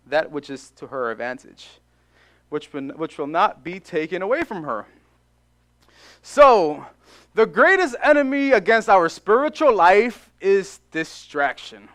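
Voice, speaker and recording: Male pastor, high voice, lively sermon delivery, acts out voices and repeats for emphasis. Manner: animated preaching, acts out dialogue, repeats phrases for emphasis. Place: church.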